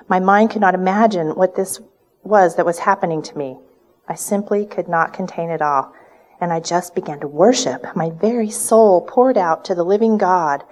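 A woman's voice: on the low side, a little mellow. A woman performing a first-person dramatic monologue, earnest and full of reverent wonder. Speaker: storyteller in character.

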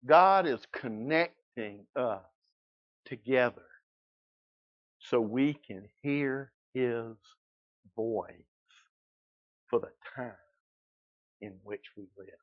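A man's voice: medium pitch, animated, drawn-out words, long pauses, no echo. A man from South Georgia with a Southern accent, preaching a sermon as pastor and building to emphatic repetition. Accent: Southern American (Georgia). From South Georgia, USA. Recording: dull lo-fi sound.

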